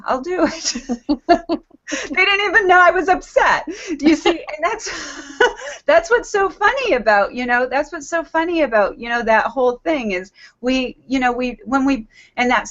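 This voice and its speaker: A woman's voice: high-pitched, a bit bright, highs cut off. A middle-aged woman giving an earnest motivational talk on a group call, repeating herself and laughing often.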